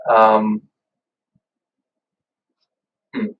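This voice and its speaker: A business owner gives a webinar over a video call in a lowish, monotone voice, taking it slowly. He's casual and chatty with fillers and restarts, and sounds far from the mic on a muffled recording.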